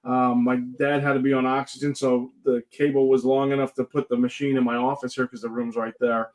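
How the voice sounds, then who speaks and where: A man's voice: mid-range voice, level tone, fairly quick. A man tells ghost stories in a loose, joking way. He rambles, restarts and pads his sentences with fillers, keeping the talk casual. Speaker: guest paranormal investigator. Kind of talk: casual storytelling chat.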